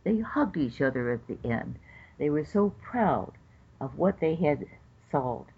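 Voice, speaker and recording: An older woman who serves as a federal judge tells stories in an interview, animatedly acting out what other people said. Her voice is low-pitched, husky and unhurried with vocal fry, and the recording sounds dull and lo-fi.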